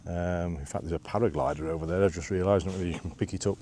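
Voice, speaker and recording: Speaking quickly in a low, dark, steady voice, a vlogger films his walk along a breezy hillside path, with slight background noise. Breathless from the climb, he chats and rambles, heavy on "uh" fillers and self-deprecation.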